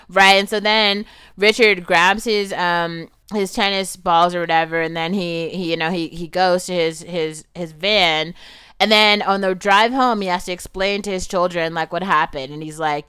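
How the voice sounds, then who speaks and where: A young adult woman giving casual, animated commentary on a film, outspoken and full of "like", with frequent swearing. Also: mid-range voice, moderate pace, clear, resonant tone, dry recording.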